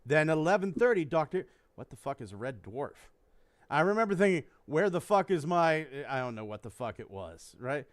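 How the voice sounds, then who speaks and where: A man's voice: mid-range voice, big pitch swings, a little fast, no echo. A man hosting a podcast, rambling through a story with lots of swearing and acted-out quotes. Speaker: podcast host. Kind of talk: casual chat.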